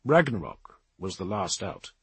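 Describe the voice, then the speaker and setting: A man narrating an action audiobook in a dramatic, lively reading. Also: deep voice, a little slow, breathy edge, dry recording. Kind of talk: scripted narration.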